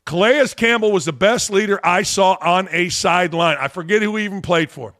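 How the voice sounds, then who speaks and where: A man's voice: high voice, brisk, a bit bright. A man hosting a sports talk show, giving blunt, combative opinions. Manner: blunt and combative, talks back to the audience.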